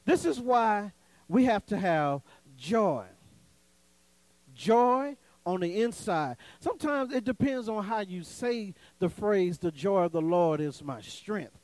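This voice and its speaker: A man preaching a sermon, calling for responses from the congregation, swinging between soaring emphasis and low, folksy asides. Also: very animated, a little slow, darkish tone, no echo, rough recording. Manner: call-and-response preaching, dramatic swings in pitch and volume; folksy, conversational asides with laughter.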